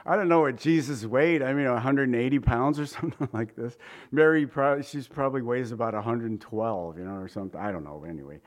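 Male pastor, slightly high voice, relaxed conversational sermon full of rhetorical questions. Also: normal speed.

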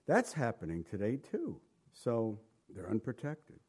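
A man leading a Bible study. He reads scripture aloud, then explains it in plain, halting talk and often repeats words. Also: lowish voice, big pitch swings, a little mellow, husky. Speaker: Bible teacher. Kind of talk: informal Bible study teaching.

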